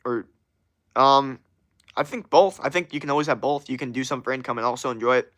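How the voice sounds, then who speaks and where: A man who hosts a casual livestream and reads viewer comments aloud. He rambles in a relaxed way and swears often, with an average pitch. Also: fast talker. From USA. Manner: rambling, profane, laid-back. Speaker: livestream host.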